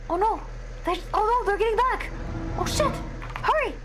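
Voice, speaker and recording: A young woman streaming a game live, excitable and dramatic, reacting out loud and swearing freely. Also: very high-pitched, moderate pace, music in the background. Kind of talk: live gameplay commentary.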